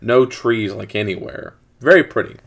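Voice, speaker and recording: A man's voice: on the low side, normal speed, vocal fry. Man casually retelling a horror movie. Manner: rambling, animated storytelling with acted quotes.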